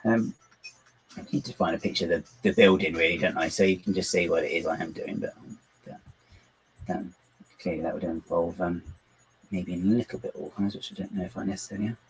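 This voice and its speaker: A man's voice: low-pitched, fast talker, long pauses, slightly rough, low-quality recording. A man hosting a casual livestream from home, rambling and poking fun at himself as he builds on his computer. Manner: rambling, self-deprecating, talks to himself and his dog. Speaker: channel host building models on a computer.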